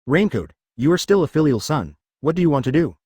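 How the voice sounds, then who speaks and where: A man's voice: a little high, sing-song, a little fast, mellow, slightly rough, no room sound. Brief: a man doing a blunt, challenging young woman warrior, dry sound.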